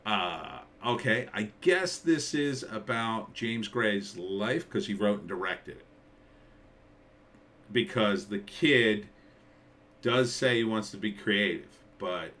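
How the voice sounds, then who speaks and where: A man's voice: on the low side, fairly bright tone, far from the mic. A man, a screenwriter, ranting casually about a movie trailer, rambling and incredulous with lots of filler words.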